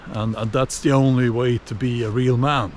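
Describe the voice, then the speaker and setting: A man giving a casual opinion monologue while walking outdoors, unhurried and musing, with many fillers and restarts. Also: medium pitch, steady tone, slight background noise. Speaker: video blogger.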